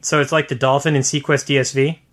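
Man, podcast co-host, casual chat, dry teasing remarks, mid-pitched voice. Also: little pitch movement, fast talker, fairly bright tone.

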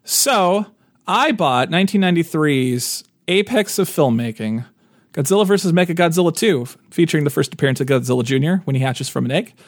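A man in his thirties in casual podcast chat, rambling and animated, full of restarts and fillers. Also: fairly high pitch, a little fast, dry recording, studio quality. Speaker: podcast co-host.

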